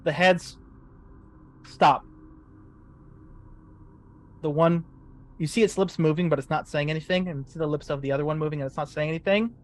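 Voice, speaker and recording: A man running a tabletop horror game as game master, narrating scenes slowly for suspense. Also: fairly high pitch, fairly even intonation.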